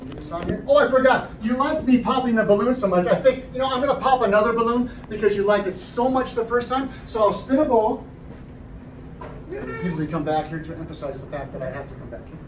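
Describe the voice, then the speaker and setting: A man's voice: high voice, expressive, brisk. A man entertaining a library audience as a juggler, joking and explaining each trick step by step, recorded from a camera out in the audience. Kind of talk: live stage show patter. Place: library program room, indoors. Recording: roomy, distant, noisy audience recording.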